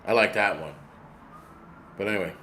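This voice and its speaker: A man's voice: deep voice, normal speed, bright, forceful tone, slight background noise. A man in his forties hosting a casual livestream, ranting in a rambling, profane way and talking back to his chat. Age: 40s. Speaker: host.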